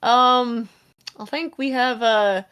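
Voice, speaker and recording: A woman's voice: a little high, slow pace, a bit bright. A woman voicing a heavyset, long-bearded man in his fifties who runs a shop and has a biker air, in a put-on accent. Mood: helpful. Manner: casual, gruff shopkeeper voice in an accent she calls wrong. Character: middle-aged burly bearded male shopkeeper, gruff biker type.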